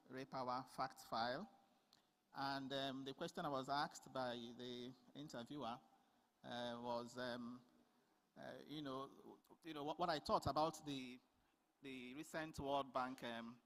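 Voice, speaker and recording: A man from Nigeria presenting a conference paper, speaking in a measured way with many fillers and restarts. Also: mid-range voice, fairly bright tone. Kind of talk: formal conference talk. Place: large conference hall. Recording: long hall reverb.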